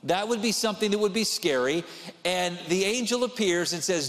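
A man with a high voice delivers a sermon, chatting with the congregation and circling back to repeat his main lines. His voice rings out with a long reverb, as if filling a large church sanctuary. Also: very animated, measured pace, pauses often, fairly bright tone. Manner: conversational preaching with repeated emphatic phrases. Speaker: pastor.

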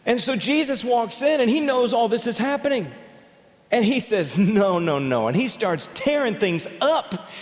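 A man preaching a sermon as pastor, telling stories in an animated way and often repeating words as he goes. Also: extremely high pitch, normal speed. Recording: long reverb of a large hall.

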